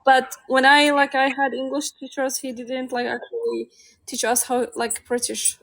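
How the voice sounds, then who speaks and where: A woman's voice: sits high, flat delivery, normal speed, creaky, a bit bright. A woman whose first language is Arabic, a guest in a casual interview, speaking English hesitantly with many fillers.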